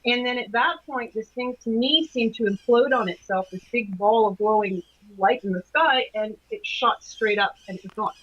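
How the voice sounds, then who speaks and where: Hesitant woman, husky lo-fi audio. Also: mid-range voice, normal speed, few pauses. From Canada. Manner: hesitant, many restarts and fillers. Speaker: guest, anomalies researcher. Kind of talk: recounting a personal experience in an interview. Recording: dull lo-fi call audio.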